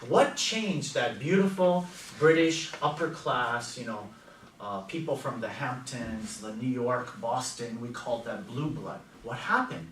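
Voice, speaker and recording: American male teacher lecturing a class, conversational and quizzing students; mid pitch, caught from across an echoey room. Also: measured pace, far from the mic, a little hiss or hum. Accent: General American. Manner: chatty, asks students questions. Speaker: language teacher.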